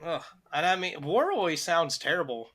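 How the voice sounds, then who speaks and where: A man's voice: on the high side, big pitch swings, normal speed, a bit bright. A man co-hosting a podcast, rambling through crude jokes with lots of swearing. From United States. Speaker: podcast co-host. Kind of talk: casual comedic chat.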